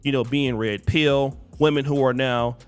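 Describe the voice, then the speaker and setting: A man calmly laying out background context in a played commentary clip, with many fillers. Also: medium pitch, measured pace, clean tone, faint music behind. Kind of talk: explanatory commentary.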